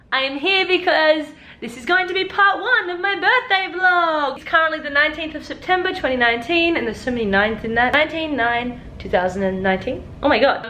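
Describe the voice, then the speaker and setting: A woman's voice: high-pitched, pushed and bright, a little hiss or hum. A woman in her twenties with an Australian accent, chatting to camera in a bubbly, playful vlog. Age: 20s. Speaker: vlogger. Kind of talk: casual vlog chat to camera.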